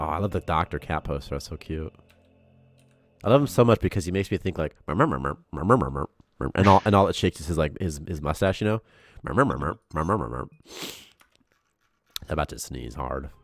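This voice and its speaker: A man's voice: a bass voice, animated, fast talker, creaky, no echo, soft background music. A man on a game development stream, talking casually and rambling with lots of "like" and laughter. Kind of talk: casual live-stream chat.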